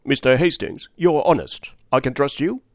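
A man voicing a brusque, blunt middle-aged spinster who speaks in curt, forceful bursts. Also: mid-range voice, moderate pace, dry recording, studio quality, voice pushed up, lightly acted. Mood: urgent.

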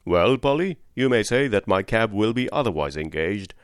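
A man voicing a principled cab driver and father in a storybook reading, speaking firmly and gravely. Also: on the low side, big pitch swings, moderate pace, no room sound, clean studio sound. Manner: firm, moralizing.

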